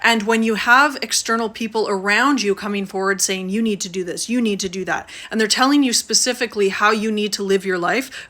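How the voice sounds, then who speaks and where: A woman's voice: a little high, bright, forceful tone. A woman telling a personal story in a casual, conversational vlog, talking from a sauna. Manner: casual, conversational, frequent fillers. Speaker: vlogger.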